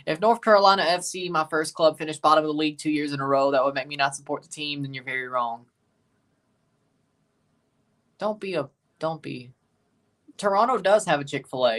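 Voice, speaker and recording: On a casual watchalong livestream, a host from Mississippi with a Southern US accent talks through viewers' comments. His voice is on the high side with a fairly bright tone.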